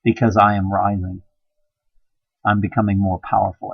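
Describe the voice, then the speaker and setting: A man giving an impassioned, preachy monologue, swinging between hushed and loud emphasis. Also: on the low side, flat delivery, normal speed, gravelly, pauses often, breathy edge, no echo, lo-fi sound. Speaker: video blogger.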